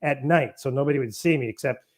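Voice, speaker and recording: A man's voice: medium pitch, fast. Rambling middle-aged man, blunt and talkative. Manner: rambling, self-interrupting, blunt. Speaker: guest. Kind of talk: casual conversation.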